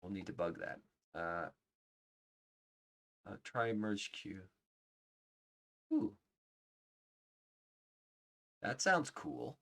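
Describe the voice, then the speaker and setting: A man live-streaming his coding, reading out names as he checks them and thinking aloud, often trailing off into quiet murmurs. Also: fairly low pitch, very animated, takes it slowly, long pauses. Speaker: livestreaming software developer. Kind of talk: casual live-coding commentary.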